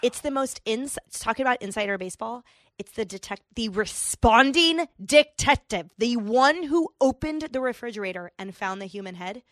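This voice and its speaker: A woman's voice: fairly high pitch, lively intonation, normal speed, no room sound. Bubbly woman guest on talk radio. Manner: bubbly, playful, laughs often. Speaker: guest, podcast host. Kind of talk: casual chat. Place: radio studio.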